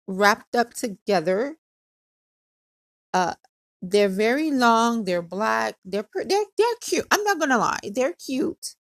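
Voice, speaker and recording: A woman's voice: medium pitch, vocal fry, no room sound, clean studio sound. A woman hosting her own podcast, telling a casual story in a chatty way, laughing often and acting out what others said. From Hawaii. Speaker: podcast host.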